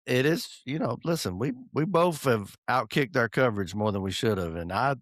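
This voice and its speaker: Joking middle-aged man, lively voice. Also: mid-range voice, normal speed, no echo, clean studio sound. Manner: joking, teasing, laughs often. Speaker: podcast co-host. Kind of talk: casual chat.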